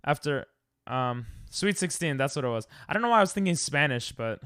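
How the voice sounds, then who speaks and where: Young guy streaming, rambly, clear smooth voice kinda high, dry close mic. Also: animated, fairly quick, dry recording. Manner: rambling, loud yelps when dying in game. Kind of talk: casual live-stream chat while gaming.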